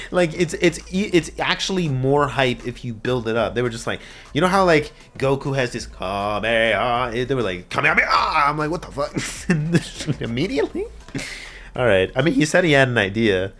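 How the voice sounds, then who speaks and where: Lively young-sounding man reacting to anime. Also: medium pitch. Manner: animated, swings from mumbled asides to loud shouted outbursts, laughs often. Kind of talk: casual reaction commentary.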